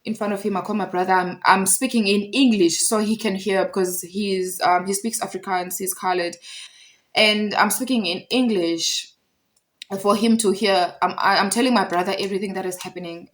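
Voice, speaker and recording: A woman's voice: medium pitch, steady tone, normal speed, poor audio. A young South African woman retelling a conflict in a casual storytime, emphatic and heated, repeating points for effect. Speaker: storyteller vlogger.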